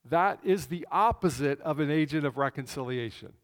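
A man preaching a conversational sermon as pastor, telling the story with animation and swinging between loud and hushed. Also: fairly high pitch, normal speed. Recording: long reverb of a large hall.

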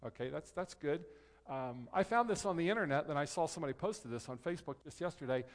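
A man preaching a conversational sermon as pastor, reading scripture aloud in slow, careful phrases. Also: a little high, expressive. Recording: long hall reverb.

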